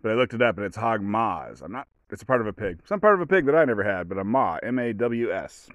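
A man's voice: lowish voice, big pitch swings, very fast, a bit bright, no room sound, highs cut off. A man hosting a casual solo podcast, rambling as he retells movie scenes and acts out the quotes. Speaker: podcast host.

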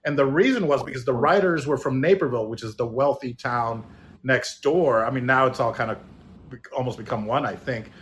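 A man's voice: mid-range voice, fairly quick, fairly bright tone. A middle-aged man from Illinois in casual chat, reflective and rambling with many restarts.

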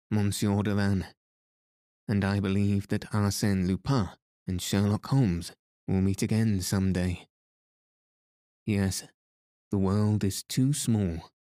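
A man reading the lines of a haughty, calm English detective in a storybook. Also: fairly low pitch, dry recording, studio quality. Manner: calm, stiff and proud. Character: haughty, cool English detective, male, middle-aged.

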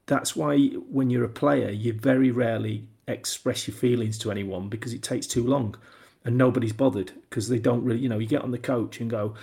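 Gravelly guy, ex footballer, rambles and restarts a lot, casual chat. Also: medium pitch, steady tone, brisk, a little mellow. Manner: rambling, with many restarts and acted-out quotes. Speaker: former footballer. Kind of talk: casual anecdotal interview talk.

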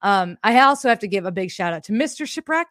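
A woman's voice: mid-range voice, lively intonation, fast talker, fairly bright tone, dry recording, studio quality. A woman hosting her live podcast, talking candidly and emotionally in a rambling, casual way, a bit shaken and teary. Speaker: podcast host. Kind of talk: casual live-stream monologue.

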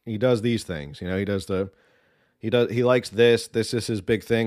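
A man with a lowish voice, recorded dry and close with no room sound. He talks through politics in a loose, rambling, opinionated way, full of ums and restarts. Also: normal speed, a little mellow, no room sound. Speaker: political commentator. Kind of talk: casual political commentary.

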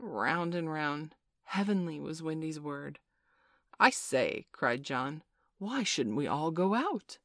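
A woman reads a children's storybook aloud as narrator, measured and gently playful. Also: low voice, no room sound, clean studio sound.

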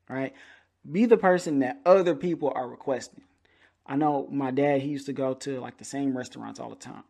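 A young adult man hosting a podcast, telling a casual story in an animated way and acting out the people he quotes. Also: mid-range voice, normal speed. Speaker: podcast host.

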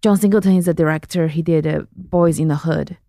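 A woman's voice: deep voice, brisk, creaky, no echo, studio quality. Chinese-accented woman telling stories. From central China. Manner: animated storytelling, acts out other people's lines. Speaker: guest comedian. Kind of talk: casual podcast chat.

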